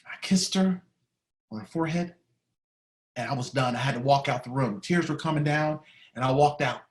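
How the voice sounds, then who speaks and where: A man giving an emotional storytelling speech, heartfelt and dramatic, shifting between loud and hushed. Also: medium pitch, normal speed, reverberant. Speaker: speaker at a staff training day.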